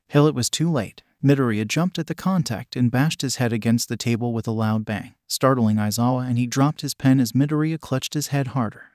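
A man reading a fan-fiction story aloud in a steady, even storytelling delivery. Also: mid-range voice, a little fast, dry recording, studio quality. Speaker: story narrator.

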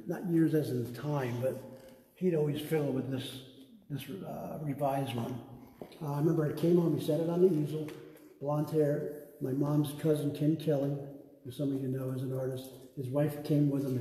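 A man guiding a live museum tour, telling lively stories about his father's art. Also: fairly high pitch, reverberant, long reverb tail, a little hiss or hum, rough recording. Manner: animated anecdotes, acts out his father's lines. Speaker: museum guide, artist's son. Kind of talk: casual storytelling on a live tour. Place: art museum gallery, indoors.

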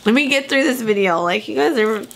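A woman's voice: fairly high pitch, expressive, fairly quick, creaky, a little hiss or hum. A woman, vlogging as she reads fan mail aloud, gushing with thanks and close to tears. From Long Beach, California. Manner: effusive and grateful, near tears. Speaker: coupon vlogger. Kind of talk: casual vlog, reading fan mail.

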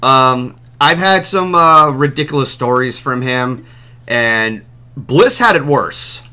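A man hosting a casual voice call on his stream, reacting in an animated, chatty way. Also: medium pitch, slow pace, clear, resonant tone. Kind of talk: casual chat. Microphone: desktop mic on a call.

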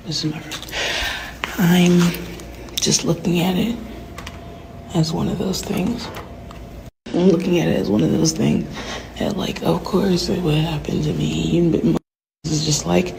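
A woman ranting candidly about herself, profane and frank, often dropping into soft whispered asides. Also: deep voice, little pitch movement, slow, creaky, long pauses, background noise. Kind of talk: candid personal rant.

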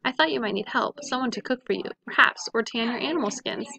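A woman reading aloud, voicing a shy, hopeful young girl in a soft, earnest voice. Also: a little high, quick pace, vocal fry.

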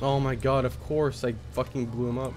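A male streamer giving live gameplay commentary, swearing often and getting frustrated quickly. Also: mid-range voice, little pitch movement, background noise. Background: game music.

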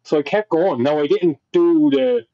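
A man's voice: fairly high pitch, lively intonation, moderate pace, no room sound, muffled recording. A young Irish man telling a long personal story in a casual, rambling way, with lots of swearing and restarts. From Ireland. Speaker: podcast guest.

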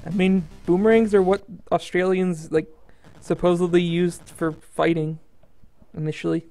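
A man's voice: sits high, little pitch movement, moderate pace, dark tone, low-quality recording. A man casually commenting on his own gameplay, laughing and self-amused. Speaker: gamer streaming a game.

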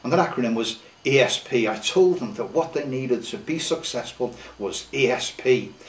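A man's voice: mid-range voice, lively intonation, moderate pace. A middle-aged man giving an unscripted sales tutorial, emphatic and repeating key words for effect. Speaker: sales trainer. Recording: echoey room, distant mic.

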